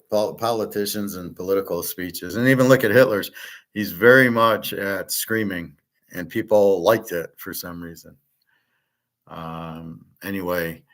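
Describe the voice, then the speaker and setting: A man's voice: low-pitched, a bit bright. A man hosting his own show, talking in a blunt, opinionated, rambling monologue full of fillers and restarts. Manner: mimics others in quoted asides. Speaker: host.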